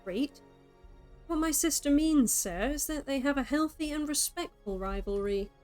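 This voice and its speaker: High-voiced woman reading a story game. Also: expressive, normal speed, a little mellow, soft background music. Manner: playful, chatty asides between narration. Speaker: streamer playing a story game.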